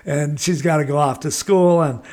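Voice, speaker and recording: Older man, American, casual storytelling, salty and rambling, slightly raised pitch. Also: moderate pace, a little mellow. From United States. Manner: rambling, salty, laid-back raconteur. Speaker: guest.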